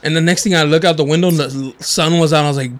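A man's voice: a little high, fairly even intonation, very fast, no room sound. A man in his thirties in casual chat, telling gossipy stories and acting out quotes, slipping in Spanish words.

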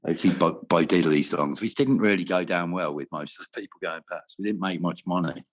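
A man's voice: deep voice, brisk. A man in a casual interview, telling rambling stories about music and travel, swearing freely and laughing often. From Wales. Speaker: guest musician.

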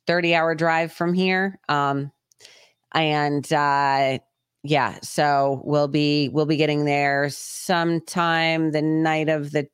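Brief: female podcast co-host, smooth clear voice, dry close sound, hesitant and filler-heavy. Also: low voice, little pitch movement, no room sound. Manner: halting, filler-heavy talk. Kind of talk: casual podcast chat.

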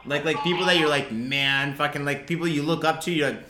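A man's voice: a little high, steady tone, fast talker, roomy sound, background noise. A man hosting a casual podcast chat who jokes, rambles, swears freely and laughs a lot. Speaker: podcast host.

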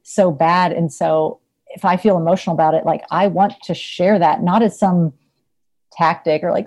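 Guesting on a podcast, a therapist talks in a casual interview with a relaxed, mellow, fairly low voice. She chats freely, laughs often, and leans on "like" and "you know," keeping an easygoing, unhurried tone.

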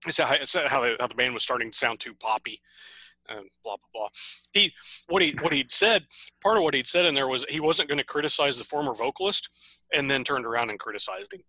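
Man, podcast co-host, casual chat, laughs a lot, very bright voice, dry close sound. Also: medium pitch, fast talker, no echo, low-quality recording. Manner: relaxed, laughs often, reads notes on band history.

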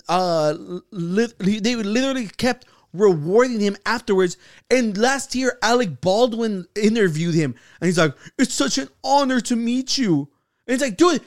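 A man's voice: extremely high pitch, no room sound, studio quality. A man co-hosting a casual podcast chat, blunt and heated, swearing often and restarting his sentences. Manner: frequent restarts and filler words. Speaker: podcast co-host.

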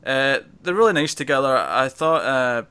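A man's voice: mid-range voice, lively intonation, moderate pace, bright, forceful tone, smooth. A man co-hosting a casual comic book podcast, enthusiastic and acting out characters' lines. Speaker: podcast co-host.

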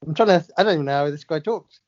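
A woman's voice: fairly low pitch, rapid-fire, darkish tone, highs cut off. A woman co-hosting a casual comedic chat, giggly, playful and sweary. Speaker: podcast co-host.

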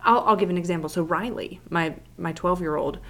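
A woman in her thirties co-hosting a podcast, telling stories in a chatty, animated way. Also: fairly low pitch, fairly quick. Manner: chatty, animated storytelling with laughs. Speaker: podcast co-host. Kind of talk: casual chat.

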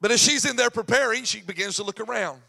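A man preaching a sermon as pastor, animated, acting out the voices of people in the scripture story. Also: very high-pitched, fast, gravelly.

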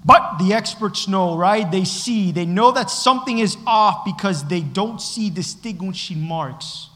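A young adult man preaching a sermon, moving between hushed storytelling and shouted lines. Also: high-pitched, a little slow, in a large hall. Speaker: pastor.

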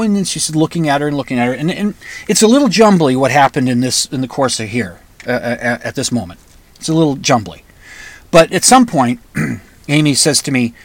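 A man's voice: medium pitch, dry recording. Man telling a personal story, dry sound. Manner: conversational, restarts, flares into loud angry outbursts.

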